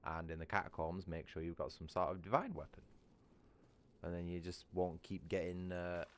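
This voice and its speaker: A gaming livestreamer from Britain talks casually and crudely at home, rambling, restarting and laughing often. He speaks at normal speed in a low voice with little pitch movement.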